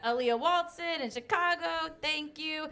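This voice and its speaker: A woman co-hosting a podcast live in front of an audience. Her voice sits a little high, and she jokes and swears in quick, loose banter. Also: pushed and bright. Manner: rapid, profane, joking. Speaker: podcast co-host. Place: live event with crowd.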